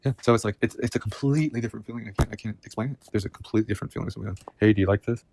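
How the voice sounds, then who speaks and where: Fast-talking, low-voiced man ranting. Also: creaky, darkish tone, no echo. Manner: profane, agitated, repeats himself. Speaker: vlogger. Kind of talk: rambling personal monologue.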